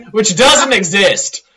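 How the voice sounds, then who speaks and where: A man's voice: sits high, animated, extremely slow, sharp tone, poor audio. A man co-hosting a podcast, rambling in casual chat and acting out quotes. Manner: rambling, restarts and acts out quotes. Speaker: podcast co-host.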